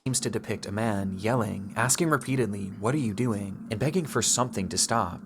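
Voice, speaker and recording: True-crime narrator: deep-ish man, measured and suspenseful, noisy ambience underneath. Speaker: documentary narrator.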